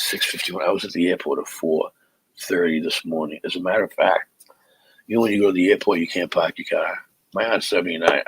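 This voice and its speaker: A man's voice: deep voice, vocal fry, slightly rough, no room sound, low-quality recording. A middle-aged man, hosting a live podcast as a comic and telling stories in a rambling, stop-start way. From Boston area, USA. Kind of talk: casual live podcast chat.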